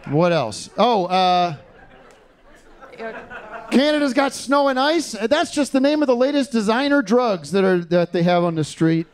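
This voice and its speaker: Male stand-up comic, high lively voice, stumbles and restarts through his jokes. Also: a faint crowd. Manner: halting, stumbling joke delivery with restarts. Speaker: stand-up comedian guest. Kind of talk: stand-up comedy bit.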